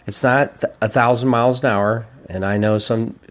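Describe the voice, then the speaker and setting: A man hosting his own podcast, reviewing an old album in a casual, rambling way, swearing often and getting excited about the music. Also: mid-range voice, moderate pace. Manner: profane, rambling and enthusiastic. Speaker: podcast host.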